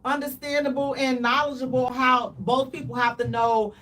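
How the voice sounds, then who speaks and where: A woman co-hosting a casual radio talk show, animated and dramatic, with playful exaggeration. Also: high voice, normal speed, far from the mic.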